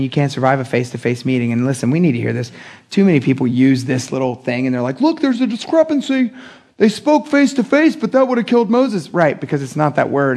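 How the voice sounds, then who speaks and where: A male pastor preaching an animated sermon, acting out the quotes with big pitch jumps and joking with the congregation. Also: creaky.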